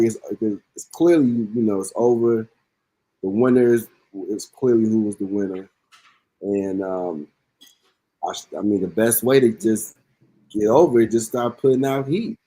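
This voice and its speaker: A man co-hosting a casual podcast chat, talking in quick, emphatic bursts of opinion. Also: medium pitch, dark tone, low-quality recording. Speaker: podcast co-host.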